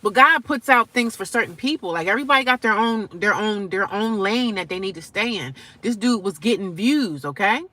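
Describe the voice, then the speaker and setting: A woman in her forties vlogging straight to her viewers, defiant and sarcastic, jumping from loud outbursts to low mutters. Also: expressive, brisk, few pauses, no room sound. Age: 40s. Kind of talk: casual direct-to-camera rant.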